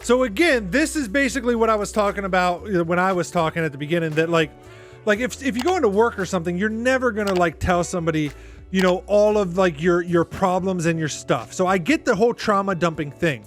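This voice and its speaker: A man's voice: high voice, lively intonation, fairly quick, faint music behind. A man hosting a podcast, giving rambling, exasperated commentary full of "like". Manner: rambling, exasperated, heavy use of "like". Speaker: podcast host. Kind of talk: casual reaction commentary.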